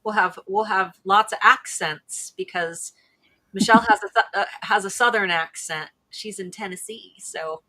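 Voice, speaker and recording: A woman with an Ohio accent chats loosely on a livestream, circling back and restarting as she goes. Her voice is bright and forward. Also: mid-range voice, moderate pace. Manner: chatty, rambling with restarts. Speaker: co-host. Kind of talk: casual livestream chat.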